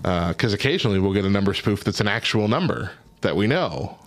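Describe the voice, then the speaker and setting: A man in his thirties chats as a podcast host, his voice sitting a little low. He tells stories animatedly and acts out both sides of phone calls. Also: animated, quick pace. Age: 30s. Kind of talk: casual chat.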